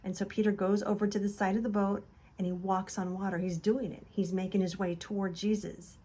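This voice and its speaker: A woman's voice: medium pitch, level tone, brisk, dark tone, slightly rough. A woman hosting a casual devotional talk, earnest and encouraging, retelling scripture in loose conversational words. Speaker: devotional video host.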